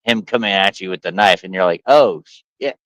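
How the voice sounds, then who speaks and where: A man's voice: deep voice, quick pace, a little hiss or hum, poor audio. A man hosting a casual podcast, telling stories and acting out the voices of the people in them. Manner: animated storyteller, acts out quotes. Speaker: podcast host.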